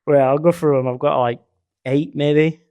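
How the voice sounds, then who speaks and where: A man's voice: on the high side, steady tone, normal speed, warm tone, clean tone, no room sound, muffled recording. A man co-hosting a podcast, telling stories in a laid-back, casual chat and swearing freely. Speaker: podcast co-host.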